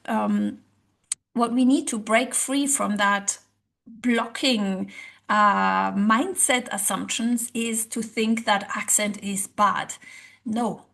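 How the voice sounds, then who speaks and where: A woman language coach explaining to camera, direct and encouraging, with rhetorical questions and frequent "kind of" fillers. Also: a little high. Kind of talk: educational talk to camera.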